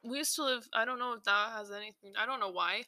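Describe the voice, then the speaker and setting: A young woman hosts a podcast in loose, rambling chat. She keeps restarting her sentences and filling gaps with "like". Her voice is bright and a little high, and the dry recording has almost no room sound. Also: fast, dry recording. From South Asia. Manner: rambling, many fillers and restarts. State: slightly out of breath while eating. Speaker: podcast host.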